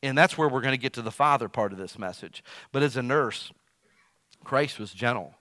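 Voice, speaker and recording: A male pastor preaching with big swings in volume, punching some lines loudly and dropping others to near a murmur. His voice sits at an ordinary pitch and is recorded dry and close, with no room sound. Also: normal speed, no echo. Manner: animated, swings between loud emphasis and quiet asides; self-described as loud. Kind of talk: sermon.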